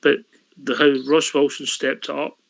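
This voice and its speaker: A man hosts a phone-in show in a slightly raised voice. He sounds brisk and matey and keeps the talk moving. The audio is a little dull and lo-fi. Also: a little high, little pitch movement, creaky, fairly bright tone. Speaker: host. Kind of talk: casual radio call-in hosting.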